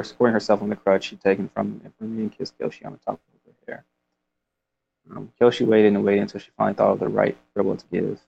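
A man's voice: fairly low pitch, monotone, quick pace, gravelly, lo-fi sound, a little hiss or hum. A man casually discussing a book, reading passages aloud and rambling with laughs. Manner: rambling, with frequent fillers and laughs.

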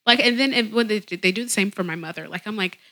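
A young woman from the American South in casual chat, animated and quick to laugh. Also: medium pitch.

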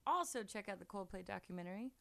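A woman co-hosting a podcast in casual chat, playful and quick to jump from one topic to the next. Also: mid-range voice, lively intonation, creaky, pushed and bright. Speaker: podcast co-host.

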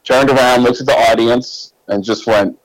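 A man's voice: mid-range voice, fairly even intonation, moderate pace, poor audio. A male comedian guest telling loose, casual anecdotes, swearing freely and laughing between lines.

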